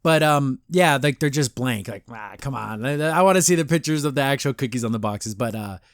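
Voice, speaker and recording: A man's voice: medium pitch, a little fast, no echo, studio quality. A man hosting a podcast, chatting casually as he reviews a comic, rambling and laughing as he retells scenes. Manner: rambling, animated retelling with acted-out quotes and frequent laughs. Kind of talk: casual chat.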